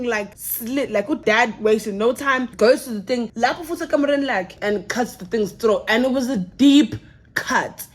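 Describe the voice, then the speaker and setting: A young woman telling a story in a casual vlog, animated and full of fillers, slipping Zulu phrases into her talk. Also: fairly high pitch, husky. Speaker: vlogger.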